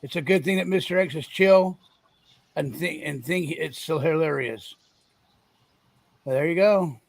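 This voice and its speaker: A man's voice: on the high side, measured pace, creaky, dry recording. A man on a livestream panel reading out viewer donations and thanking the donors. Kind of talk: casual chat.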